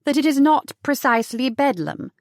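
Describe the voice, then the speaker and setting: A woman's voice: sits high, sing-song, normal speed, no room sound, voice pushed up. A prim aristocrat speaks in a raised, lofty, refined voice, as a woman narrator puts her on. Every word sounds carefully proper. The audiobook recording is dry and close. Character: lofty aristocratic young lady, prim and cautious.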